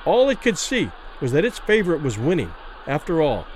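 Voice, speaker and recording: A man's voice: fairly high pitch, fairly quick, a little hiss or hum, poor audio. A man narrating a classic short story in a dramatic audiobook reading. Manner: expressive, dramatic.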